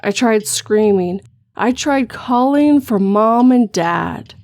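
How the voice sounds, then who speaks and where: A woman narrating a first-person horror story, with measured scripted storytelling. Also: fairly high pitch, lively intonation, darkish tone, no room sound.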